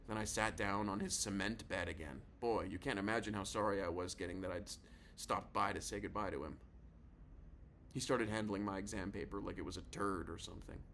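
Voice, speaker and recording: A man's voice: deep voice, steady tone, brisk, vocal fry, fairly bright tone, slight background noise. A male narrator giving a casual, confiding first-person reading of a novel. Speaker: audiobook narrator.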